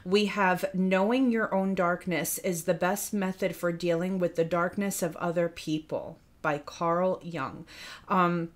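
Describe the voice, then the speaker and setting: A woman reads tarot for her viewers in a slightly low voice. She sounds a little out of breath, talks earnestly, and keeps checking in with a questioning "okay?". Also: fairly even intonation, unhurried. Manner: earnest, addresses the listener by star sign, asks rhetorical questions ending in "okay?". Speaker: tarot reader.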